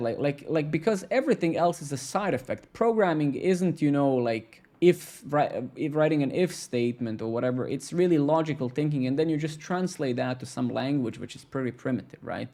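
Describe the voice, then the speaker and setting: A young man ranting casually on a live coding stream. He swears freely, fills his talk with "like" and "right?", and acts out his own teenage self. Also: medium pitch. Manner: swearing, filler-heavy, keeps asking "right?"; animated, acts out his teen self mockingly.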